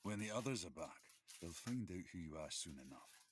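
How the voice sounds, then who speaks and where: An actor voicing a teasing, protective male wolf warrior in an audiobook, wry and calm. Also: low voice, moderate pace, a little hiss or hum. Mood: grave. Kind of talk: audiobook character voice.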